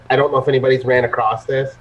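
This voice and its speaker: A man's voice: medium pitch, flat delivery, a little fast. A man hosting a live show in casual chat, telling funny stories full of laughs and constant swearing. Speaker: host of a live vaping show. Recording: muffled lo-fi audio.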